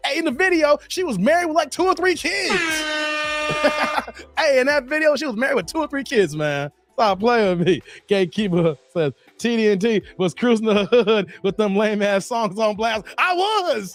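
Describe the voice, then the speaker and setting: A man's voice: high voice, big pitch swings, normal speed, soft background music. A man in his forties hosting a casual livestream, chatting with viewers, laughing often and breaking into bits of song. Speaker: host reading live chat.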